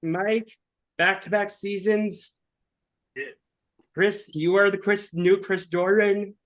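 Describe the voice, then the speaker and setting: Man host calmly tallying votes. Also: sits high. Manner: steady, measured vote tally with casual fillers. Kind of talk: casual online game finale.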